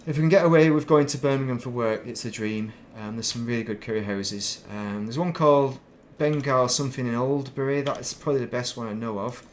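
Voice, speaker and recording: A middle-aged man talks loosely and chattily as he streams a game, wandering from one thought to the next. His pitch sits right in the middle for a man. A faint hum of ambience runs under his voice. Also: a little fast, hardly any pauses. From northern England. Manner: rambling, chatty, self-mocking. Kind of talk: casual chat while streaming gameplay.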